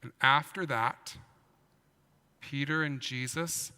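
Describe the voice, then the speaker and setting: A man, a pastor, giving an animated children's sermon in a church and asking his listeners questions as he tells the story. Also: on the high side, takes it slowly, in a large hall. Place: church sanctuary.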